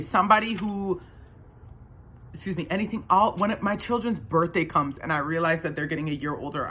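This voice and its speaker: A woman's voice: lowish voice, bright, forceful tone. A woman telling her own story in a casual, earnest monologue that rambles, with many restarts and fillers.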